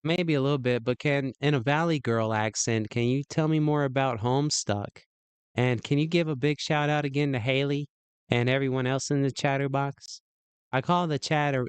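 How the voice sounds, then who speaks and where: Mid-pitched male streamer, playful rambler, crisp dry mic. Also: no room sound. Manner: rambling and playful, many restarts. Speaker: livestream host. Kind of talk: casual stream chat.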